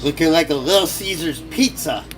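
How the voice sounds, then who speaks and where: A man's voice: on the high side, moderate pace, noisy background. A young man live-streaming from his kitchen on his phone, talking rowdy and profane while he cooks. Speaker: livestreamer. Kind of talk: casual live-stream talk while cooking.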